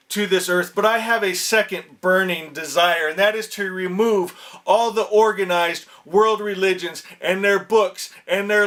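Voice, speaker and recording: A middle-aged man preaching to his audience in an impassioned monologue, fervent and often shouting. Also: sits high. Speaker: spiritual teacher.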